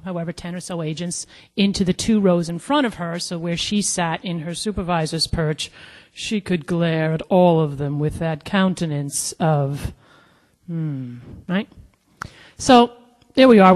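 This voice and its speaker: A woman telling a story on stage, animated and acting out the people in it. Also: lowish voice, big-room sound. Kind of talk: live storytelling performance.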